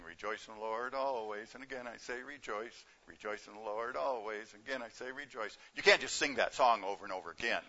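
A man's voice: mid-range voice, pushed and bright, dull audio. A man preaching a sermon as a pastor, in a conversational way that repeats key phrases.

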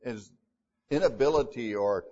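A man's voice: mid-range voice, measured pace, mellow, slightly rough, lo-fi sound. A man preaching a verse-by-verse sermon in a plainspoken way, with fillers and restarts, reading scripture in King James wording. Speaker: pastor. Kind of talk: expository sermon.

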